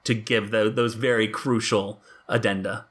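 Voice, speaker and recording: A man's voice: fairly low pitch, steady tone, a little slow, fairly bright tone. A man co-hosting a casual podcast, talking in a wry, joking way and laughing often. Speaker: podcast co-host. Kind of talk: casual chat.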